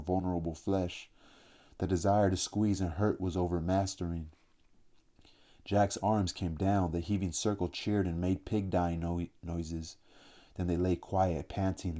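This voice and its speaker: Deep, dark-voiced male reader. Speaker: audiobook reader. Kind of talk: audiobook narration.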